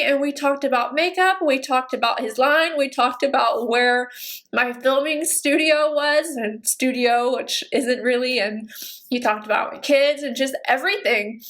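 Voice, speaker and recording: Emotional high-voiced woman beauty vlogger. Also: unhurried, fairly bright tone. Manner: emotional, teary and gushing. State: tearful. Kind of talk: casual talk to camera.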